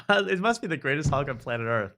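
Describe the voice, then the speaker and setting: A man's voice: medium pitch, quick pace, fairly bright tone. Jokey podcast guy roasting tv clips, sarcastic, plain mid voice. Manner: sarcastic, jokey, laughing often. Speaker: podcast host. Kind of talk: comedic reaction commentary.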